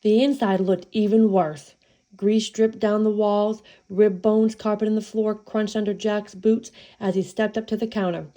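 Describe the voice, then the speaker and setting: Woman storyteller, mellow tone, folksy playful read-aloud of a children's tale. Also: medium pitch, flat delivery, measured pace.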